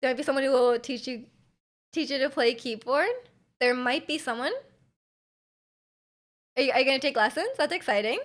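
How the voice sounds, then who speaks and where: A woman streamer chatting casually with her viewers, loud and energetic, full of fillers, her volume jumping around. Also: high-pitched, moderate pace, pauses often. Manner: chatty, many fillers, reads chat aloud. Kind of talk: casual live-stream chat.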